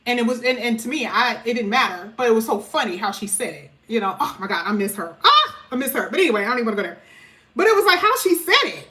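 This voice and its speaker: High-voiced chatty woman reading tarot. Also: very animated, fast talker, bright, forceful tone. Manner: chatty, emphatic, casual slang. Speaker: tarot reader. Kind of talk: casual tarot reading to viewers.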